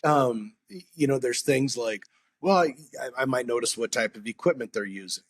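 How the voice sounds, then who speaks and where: A man's voice: medium pitch, moderate pace. A man on a sales podcast, talking casually and acting out both sides of customer conversations in his stories. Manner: animated storyteller acting out customer dialogue.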